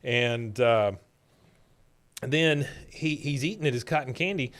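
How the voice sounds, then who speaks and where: A man's voice: mid-range voice, measured pace, a bit bright. A man hosting a podcast, casually retelling a cartoon episode scene by scene with lots of fillers. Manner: loose retelling with many fillers, acting out quoted lines. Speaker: podcast host.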